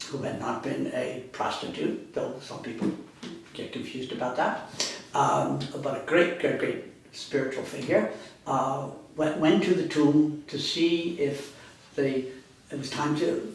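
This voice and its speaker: A man's voice: medium pitch, creaky. A man giving a university lecture in a rambling, conversational way, correcting himself often. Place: classroom. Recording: echoey classroom, speaker far from mic.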